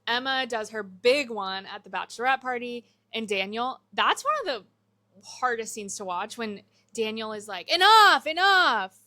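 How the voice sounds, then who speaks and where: A woman's voice: fairly high pitch, normal speed, pushed and bright, no echo. A young woman cohosting a movie podcast, chatting casually and acting out movie lines as she retells scenes. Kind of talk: casual chat.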